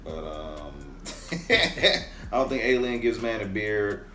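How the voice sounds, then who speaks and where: A man with a fairly low voice chats casually as he introduces a clip for a reaction video. The room sounds echoey, with faint music behind him. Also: very animated, takes it slowly, pushed and bright. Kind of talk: casual chat.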